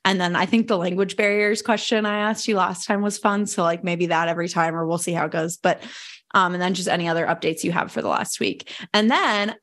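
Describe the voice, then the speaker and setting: A woman's voice: lowish voice, fairly even intonation, brisk, fairly bright tone. A young adult woman hosting a casual podcast chat, talking loosely with lots of fillers and frequent laughs. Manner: chatty, laughs often, many fillers. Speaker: podcast host. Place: home in Denver.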